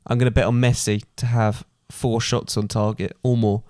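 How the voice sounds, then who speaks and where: Playful young podcast host. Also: male voice, fairly low pitch, little pitch movement, normal speed, a little mellow, dry recording, clean studio sound. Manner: playful, joking. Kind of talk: casual chat.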